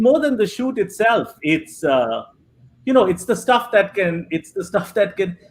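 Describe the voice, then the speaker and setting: A man from India, a comedian and screenwriter, chatting casually as an interview guest and telling rambling anecdotes. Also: high-pitched. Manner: rambling anecdotes with frequent restarts.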